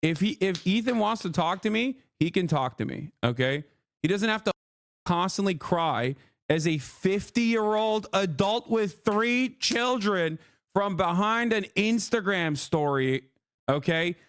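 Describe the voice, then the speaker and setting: An expressive, high, slightly bright male voice speaks a little slowly. While streaming live, he angrily rants and swears plenty in reaction to another creator. It's a furious, profane reaction delivered to his live chat.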